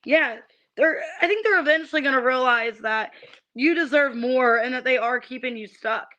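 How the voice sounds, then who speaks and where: A woman's voice: high-pitched, normal speed, pushed and bright, dull audio. A woman reading tarot cards on a livestream, ranting in irritation, swearing and stammering on restarts. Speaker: tarot reader.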